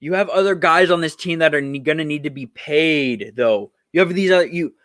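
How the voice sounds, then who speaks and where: A young man hosts his own sports podcast, going on an exasperated, profane rant before he works through the news. His voice sits a little high. He is recorded close on a dry mic. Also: fairly quick, fairly bright tone, dry recording. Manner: heated, profane, exasperated ranting.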